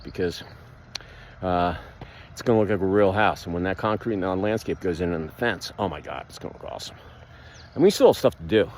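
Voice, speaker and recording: A man talking casually while walking outside, rambling with lots of fillers and animated outbursts, recorded on a phone. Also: fairly low pitch, a little hiss or hum. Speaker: vlogger, builder. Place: outdoors, walking past a pool.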